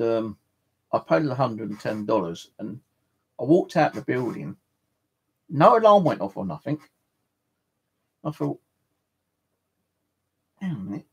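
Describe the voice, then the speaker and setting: A man telling a rambling everyday story in a casual way, with an offhand swear here and there. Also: fairly low pitch. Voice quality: gravelly, husky. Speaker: channel host.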